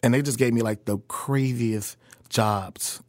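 A man's voice: medium pitch, fairly even intonation, unhurried, no room sound. An American man, a chef, talking casually as a podcast guest, telling a story with plenty of restarts and fillers. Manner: rambling, full of restarts and fillers. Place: podcast studio.

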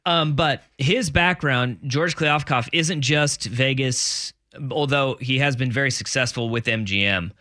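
A man's voice: mid-range voice, measured pace, bright, forceful tone, no echo, clean studio sound. A man hosting a sports talk radio show, chatting casually, joking and laughing often, sometimes stumbling over his words.

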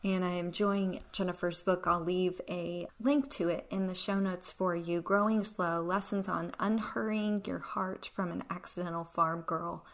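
A woman hosting a devotional podcast, reading passages aloud in a gentle, calm, unhurried way. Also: lowish voice. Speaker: podcast host.

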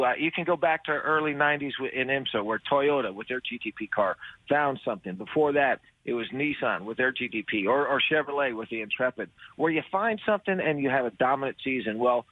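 A race driver calling in to a radio show, talking with lots of energy and stumbling through many fillers and restarts. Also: male voice, medium pitch, dry recording. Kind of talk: phone interview. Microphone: phone. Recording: narrow phone line.

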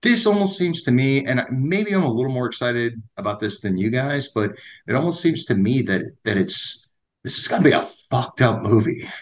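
A man co-hosting a podcast, talking in a rambling, animated way with lots of restarts. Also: medium pitch, moderate pace. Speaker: podcast co-host. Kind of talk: casual chat.

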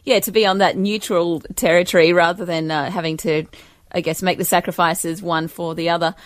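A woman's voice: on the low side, fairly even intonation, a little fast, dry recording, clean studio sound. A woman hosting an interview, asking curious questions in a conversational way. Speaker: host. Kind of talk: interview host.

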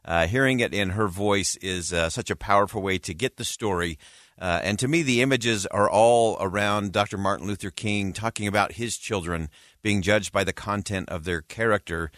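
A man's voice: lowish voice, moderate pace, fairly bright tone, no echo, studio quality. A man hosting an interview show, introducing his guest and asking questions with frequent hesitant uhs. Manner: hesitant, many filler uhs. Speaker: show host.

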